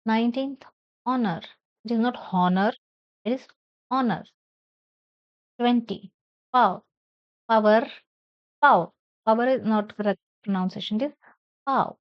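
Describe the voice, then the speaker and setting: A woman's voice: fairly high pitch, no echo, lo-fi sound. A woman teacher with an Indian English accent, giving a classroom pronunciation lesson and spelling words out letter by letter. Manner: repeats words slowly, spells them out letter by letter.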